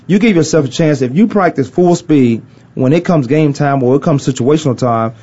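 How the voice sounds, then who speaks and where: Teasing man with a dark, muffled voice. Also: a little high, normal speed, breathy edge. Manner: teasing, loose, drops verb endings. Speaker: radio sports talk show host. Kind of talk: casual sports talk radio banter. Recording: dull lo-fi radio sound.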